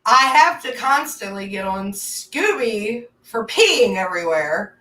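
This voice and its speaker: A woman's voice: mid-range voice, sing-song, slow pace, sharp tone. A woman guest on a casual podcast, chatty and using "like" often. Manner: chatty, lots of "like" fillers. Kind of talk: casual chat. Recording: echoey, distant from the mic, faint ambience.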